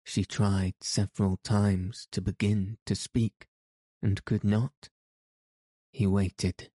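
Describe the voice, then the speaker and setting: Male audiobook narrator: measured, unhurried, flat delivery. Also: fairly low pitch, no room sound. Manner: measured, even reading.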